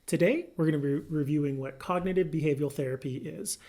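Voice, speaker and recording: A man, a licensed marriage and family therapist, explaining a therapy method to viewers in a lively, good-humored way. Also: on the high side, quick pace. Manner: lively, good-humored, laughs through personal example. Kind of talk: educational explainer to camera.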